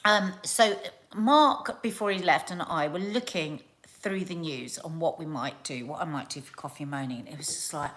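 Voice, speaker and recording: Chatty South Londoner rambling on a live stream. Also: female voice, deep voice, moderate pace. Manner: chatty, rambling, animated storytelling. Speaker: live show host. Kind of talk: casual live-stream chat.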